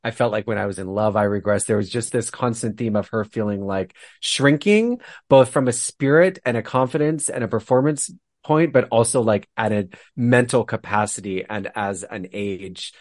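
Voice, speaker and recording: A man co-hosting a podcast, discussing a book in a thoughtful, hesitant way with frequent pauses. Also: fairly low pitch, no echo, studio quality. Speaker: podcast co-host.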